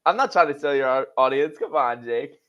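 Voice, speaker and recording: A man's voice: mid-range voice, animated, fairly quick. A man calling in to a sports talk show, talking eagerly and pleadingly with lots of fillers. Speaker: caller. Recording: dull phone-call audio.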